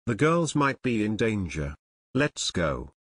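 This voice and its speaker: An eager, impulsive teenage boy sleuth, voiced by a male narrator, whose voice jumps lively in pitch. The recording is dry and close. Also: slow pace, breathy edge, dry recording, exaggerated voice.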